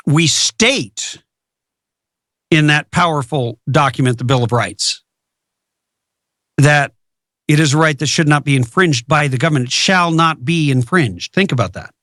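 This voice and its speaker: Male radio host, emphatic and forceful, bright voice recorded dry. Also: a little high, unhurried, long pauses, no room sound. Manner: emphatic, repeats words for stress. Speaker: radio talk show host. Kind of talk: political talk radio.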